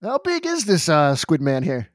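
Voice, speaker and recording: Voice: mid-range voice, wildly swooping pitch, moderate pace, no room sound, clean studio sound. A tabletop player voicing a cocky ape hero who is proud of his style and drags out his words. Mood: curious. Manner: cocky, drawn out.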